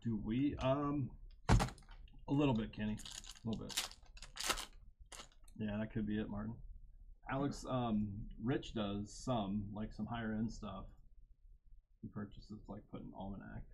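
A man's voice: fairly low pitch, steady tone, measured pace, pauses often, noisy background. A man hosting a live trading card break, reading out player names and card details and chatting with viewers by name.

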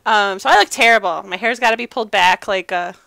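A woman's voice: mid-range voice, fast talker, gravelly, sharp tone, no room sound. A woman co-hosting a gaming podcast, chatty and self-deprecating. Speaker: podcast co-host. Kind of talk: casual podcast chat.

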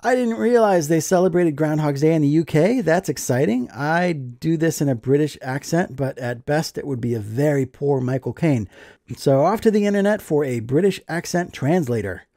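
A man's voice: on the high side, lively intonation, normal speed, mellow, no echo, studio quality. A man chatting casually as he opens mail, enthusiastic and joking. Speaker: card collecting vlogger. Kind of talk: casual mail opening chat.

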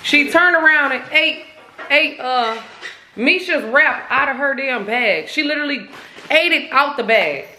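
A woman's voice: high voice, animated, a little slow. A woman vlogger chatting casually and joking, talking straight to her viewers. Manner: loud, joking, addresses viewers as y'all. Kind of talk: casual vlog chat. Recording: echoey with loud background noise.

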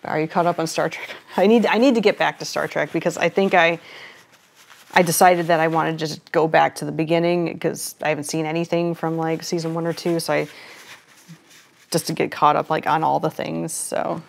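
A woman's voice: low-pitched, fairly even intonation, brisk, vocal fry. Chatty woman painting on a live stream. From Florida. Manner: chatty, laughs often, reads chat aloud. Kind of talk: casual live-stream chat while painting.

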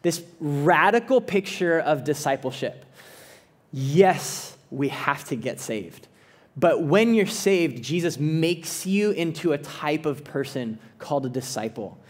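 A male pastor delivers a sermon in an earnest, conversational way, often doubling back on his words. His voice sits fairly high for a man. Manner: earnest, conversational preaching with frequent restarts.

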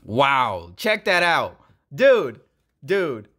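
Excitable man with a lively voice. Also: mid-range voice, drawn-out words. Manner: excitable, jumps from mutters to loud bursts. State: voice going hoarse. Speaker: YouTube host opening trading cards. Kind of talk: casual card-opening vlog.

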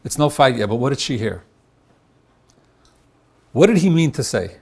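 A man's voice: mid-range voice, very animated, gravelly, a little mellow, slightly rough. A middle-aged man, a marriage therapist, lecturing at a workshop, asking the audience questions and acting out both husband and wife in his examples. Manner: asks the audience rhetorical questions and pauses on them.

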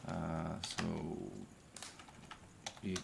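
Gaming host, man, slow and unhurried, thinks out loud while playing; heavy keyboard clatter and clicks in the mix. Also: a bass voice, monotone, creaky, noisy background. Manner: thinks aloud while playing, muttering to himself. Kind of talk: casual gameplay commentary.

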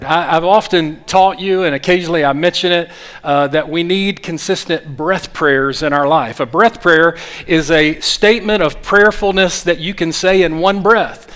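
Earnest pastor with a higher voice. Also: male voice, moderate pace, fairly bright tone. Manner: call-and-response, urges the congregation to repeat after him; earnest, with frequent fillers and restarts. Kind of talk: sermon.

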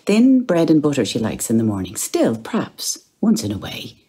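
A woman's voice: rumbling low, wildly swooping pitch, normal speed, warm tone, husky. A woman giving a literary reading, lingering over phrases and dropping to near-whispers. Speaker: reader.

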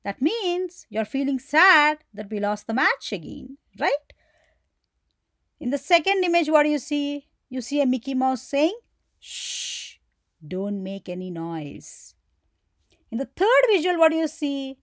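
A woman's voice: high voice, expressive, moderate pace, fairly bright tone, dry recording, clean studio sound. A woman teaching a grammar lesson, who poses questions to her viewers and answers them herself, and acts out the example exclamations.

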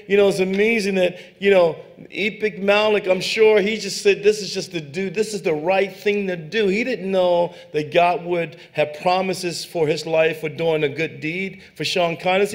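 A man as a guest pastor preaching a sermon, fervent and emphatic with conversational asides. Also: on the high side. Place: church sanctuary.

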